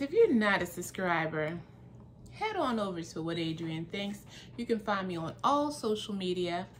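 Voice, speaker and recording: A woman's voice: medium pitch, slight background noise. A young woman hosting a casual cooking vlog, chatty and laughing often as she talks to her viewers. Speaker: cooking vlogger.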